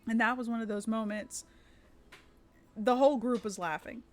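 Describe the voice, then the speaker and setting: A woman's voice: on the high side, steady tone, normal speed. A woman who runs tabletop games, chatting casually on a live stream, rambling with many fillers and restarts. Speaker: streamer and dungeon master.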